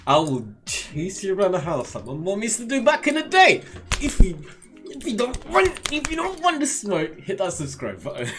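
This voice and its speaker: A man with a high, expressive voice that leaps around as he reacts to a manga chapter. His delivery is loose and jokey, full of slang and quick laughs. Soft music plays underneath. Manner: animated, laughing, slangy and playful. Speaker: YouTube manga reviewer. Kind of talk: casual reaction commentary.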